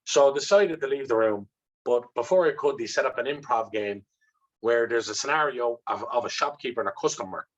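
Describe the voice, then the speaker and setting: An Irish man, a guest in an interview, telling candid stories about himself in a blunt, animated way and swearing freely. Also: medium pitch, a little fast, highs cut off. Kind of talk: candid storytelling.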